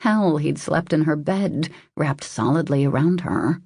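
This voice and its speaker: A woman with a low, dark voice narrating a romance audiobook in a measured, intimate way. Her tone has gravelly fry and a husky, breathy grain. The recording is dry and close. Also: no echo.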